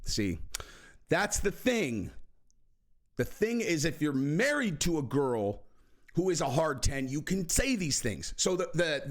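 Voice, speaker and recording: Man, vlog host, lively pitch, high-ish voice, profane, jokey. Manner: animated, profane, jokey, many fillers. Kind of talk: casual vlog commentary.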